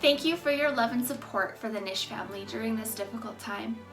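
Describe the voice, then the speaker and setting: A woman's voice: fairly high pitch, fairly quick, over music. A woman hosting a community talent show, reading out thanks and a sponsor list in an upbeat scripted way. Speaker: show host. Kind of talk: scripted announcement.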